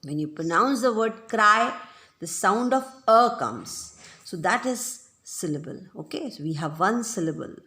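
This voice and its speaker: A woman teacher explains grammar at a slow, deliberate pace, repeating each point and asking whether it is clear. Her pitch rises and falls in a lively way. The recording has a roomy echo. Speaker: English teacher. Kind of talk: grammar lesson. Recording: echoey room.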